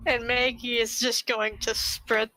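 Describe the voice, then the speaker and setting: A woman's voice: a little high, level tone, a little slow, pushed and bright, dry recording, poor audio. A woman playing a tabletop role-playing game, teasing and playful. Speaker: player.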